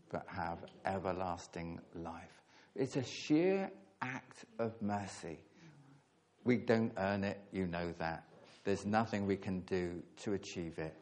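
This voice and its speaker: A man preaching a sermon, earnest and emphatic, leaning hard on key words with pauses between phrases. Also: lowish voice.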